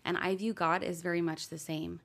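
A middle-aged woman with a lowish voice speaks earnestly on a faith podcast. She talks warmly about honesty with God and now and then voices pleading prayers. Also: little pitch movement, a little fast, creaky. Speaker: podcast co-host.

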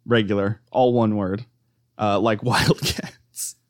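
A man co-hosting a casual podcast, reading out his research notes with plenty of fillers and a deadpan delivery. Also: lowish voice, slow pace, no echo, clean studio sound. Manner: reads notes aloud with fillers and restarts, deadpan. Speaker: podcast co-host presenting research. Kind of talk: casual chat.

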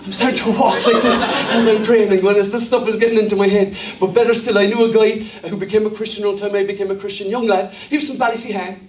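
A middle-aged man from Ireland with a Cork accent, preaching a sermon with humorous stories and animated impressions. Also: high-pitched, quick pace, few pauses, echoey room, distant mic, slight background noise. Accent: Cork Irish. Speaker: pastor.

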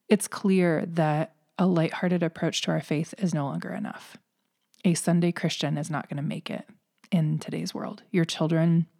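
A woman's voice: lowish voice, creaky, warm tone, dry recording, studio quality. A woman hosting a faith podcast, speaking earnestly and emotionally in a heartfelt, preaching monologue. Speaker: podcast host.

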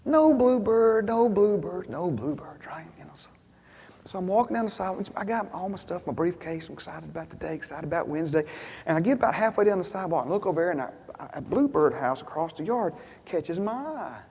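Man, preacher, storytelling sermon, quiet asides then loud emphatic bursts, long hall echo. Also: fairly high pitch, lively intonation, quick pace, gravelly, slightly rough.

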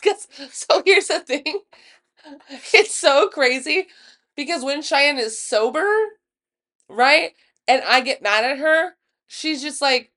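Young woman, podcast co-host, casual chat, blunt, profane, high voice. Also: animated, a bit bright. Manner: blunt, profane, quick storyteller.

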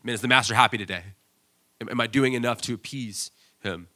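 Talking fast in a mid-range voice, a pastor preaches through lively stories. When he acts out scenes, he breaks into loud, excited bursts.

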